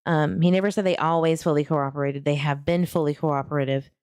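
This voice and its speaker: A woman's voice: low voice, steady tone, a little fast, darkish tone, clean tone, dry recording, clean studio sound. A woman hosting a true crime channel, talking casually and with frustration to her viewers while she searches online. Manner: frustrated, talks to viewers, laughs between remarks.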